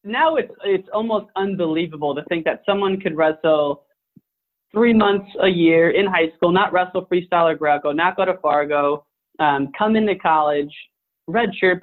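A man hosts an interview and asks curious, winding questions, often stopping to restart them. His voice is a little higher than most men's. It comes through a narrow, tinny line, like a phone call. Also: normal speed. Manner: curious, hesitant questioner with many likes and restarts. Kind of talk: podcast interview.

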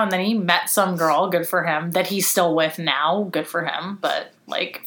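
A woman's voice: on the low side, moderate pace, hardly any pauses, fairly bright tone, echoey room. A young woman co-hosting a casual podcast, telling stories bluntly with lots of swearing and "like.". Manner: blunt, profane, heavy use of "like". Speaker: podcast co-host.

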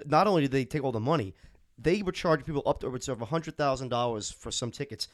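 A man's voice: mid-range voice, animated, no echo, studio quality. A man in his thirties bantering wryly in a casual chat. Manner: wry, quick banter.

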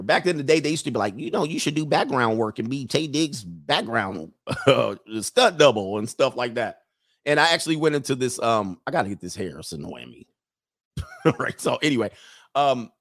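A man's voice: medium pitch, a bit bright. A man in the middle of his voice range talks through a casual livestream. He reads viewer comments aloud and rambles between them, chuckling to himself and searching for the point he was making. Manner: rambling, chuckling, loses his train of thought.

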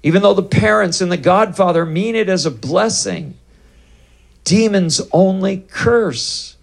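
A man with a somewhat high speaking voice delivers a sermon as a story. He acts out the back-and-forth of the exchanges with lively energy, like a pastor holding a congregation's attention. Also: vocal fry. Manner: animated, acts out both sides of dialogues. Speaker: pastor leading deliverance ministry.

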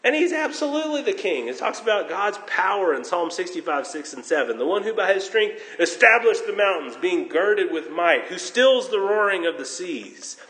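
A man preaching a sermon, animated, swinging between loud emphasis and hushed tones, with self-deprecating jokes. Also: high-pitched, normal speed, few pauses. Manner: jokes at his own expense. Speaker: pastor. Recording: long reverb in a large hall.

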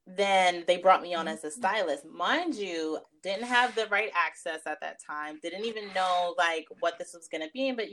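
A woman with a fairly low voice tells a story as a guest in a casual interview. She is animated and fills her talk with "like" and "um." She acts out what people said to her with lively shifts in her voice. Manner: animated, acts out quotes, many fillers like "like" and "um". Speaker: fashion stylist, guest. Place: New York area.

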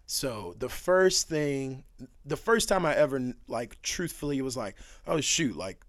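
A young man on a podcast, telling stories in a casual, animated way, laughing often and leaning on fillers. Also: mid-range voice, unhurried, no echo, studio quality. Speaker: podcast guest. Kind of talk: casual storytelling chat.

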